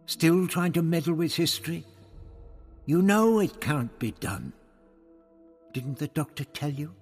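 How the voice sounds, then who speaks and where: A man's voice: a little high, expressive, a little slow, faint music behind, voice pushed up. A man voicing an earnest, urgent young woman. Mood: self-reproach. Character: young adult woman teacher, earnest, self-doubting.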